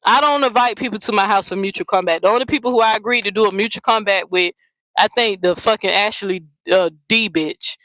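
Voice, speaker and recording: A woman's voice: mid-range voice, brisk, fairly bright tone, no room sound, rough recording. A woman hosting her own channel, delivering a blunt, profane, mocking rant straight to the camera. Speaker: channel host. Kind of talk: confrontational vlog rant.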